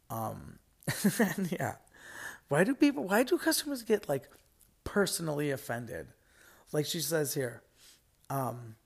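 A man with a fairly high, slightly rough voice hosts a podcast and reads out stories from listeners. His delivery is casual and rambling, packed with fillers and asides, and he laughs frequently.

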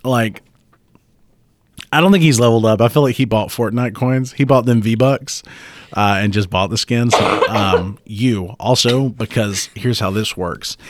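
A man co-hosting a podcast, chatting casually and telling animated stories with frequent laughter. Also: lowish voice, unhurried, a little hiss or hum. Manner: animated storyteller, laughs often. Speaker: podcast co-host. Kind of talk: casual chat.

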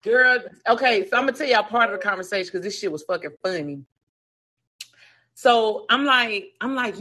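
A woman co-hosting a casual podcast, telling stories loudly with heavy profanity and frequent laughter. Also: fairly high pitch, quick pace, slightly rough. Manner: loud, profane, animated storytelling with laughter. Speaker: podcast co-host. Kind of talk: casual storytelling chat.

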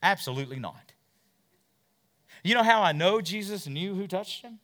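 A man's voice: sits high, expressive, normal speed. Dramatic preacher man, voice leaping up and down. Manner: dramatic, swings from loud to hushed; asks the listeners many questions. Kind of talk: sermon.

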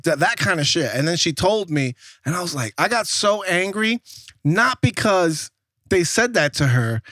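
A young man with a slightly high voice recounts a story, cursing and jumping into other people's voices as he goes. The sound is close and dry, with no room around it. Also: no echo. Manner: animated, profane, acts out voices in his story. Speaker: guest telling a story. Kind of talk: casual storytelling.

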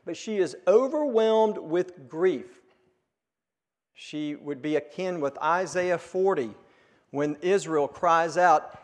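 A male pastor preaching a sermon, earnest and emphatic at peaks, then dropping to a hush. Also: fairly high pitch, slow pace. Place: church sanctuary. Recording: long reverb of a church hall.

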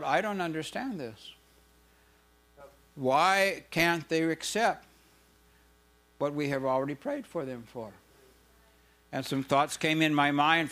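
A man's voice: medium pitch, a bit bright. A man preaching a sermon, telling stories in an earnest way and building to fervent emphasis. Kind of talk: sermon with storytelling.

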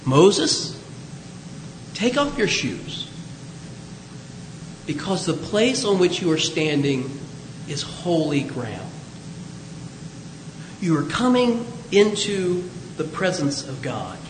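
A man's voice: big pitch swings, slow, long pauses. A man voicing God as a solemn, commanding voice speaking to Moses in a sermon, recorded in an echoey hall. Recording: echoey hall, faint rumble.

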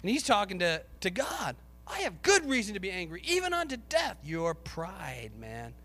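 A man preaching a sermon with passion, rising to shouts and acting out the voices of biblical figures. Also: high voice, wildly swooping pitch, normal speed, big-room sound, a little hiss or hum.

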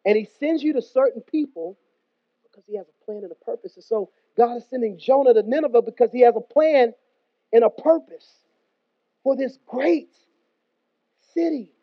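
A man's voice: very high-pitched, normal speed, long pauses, dry recording. A man preaching a sermon in an emphatic, conversational way with slangy asides. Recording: dull, dry close recording.

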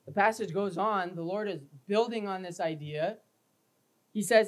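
A man's voice: high voice, moderate pace, poor audio. Emphatic male preacher. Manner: emphatic, reads scripture aloud in King James wording; acts out everyday scenes with quoted voices. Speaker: pastor. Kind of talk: sermon.

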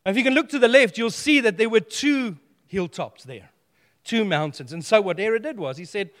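A man preaching a sermon, animated and playful, telling stories with humor. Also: sits high, a little fast, in a large hall.

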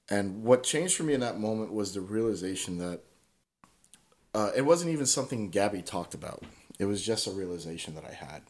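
A man's voice: fairly low pitch, sing-song, moderate pace, pauses often, darkish tone. A man telling stories as a podcast guest in casual conversation, swearing freely and tagging his points with "right?".

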